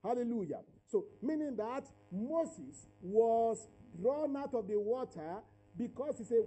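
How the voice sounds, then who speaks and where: A man's voice: very high voice, mellow, poor audio. A male pastor preaching and praying fervently, declaring and repeating phrases. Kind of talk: sermon and prayer.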